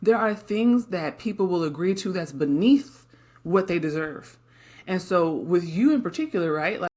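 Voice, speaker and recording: A woman's voice: on the low side, expressive, normal speed, a little mellow. A middle-aged woman co-hosting a podcast, talking in a candid, emphatic way and often checking in with tag questions. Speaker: podcast co-host. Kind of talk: casual podcast conversation.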